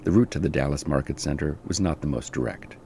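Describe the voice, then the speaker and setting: A man hosting and narrating a history podcast in a slow, measured scripted storytelling delivery. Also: rumbling low, vocal fry, warm tone, slight background noise.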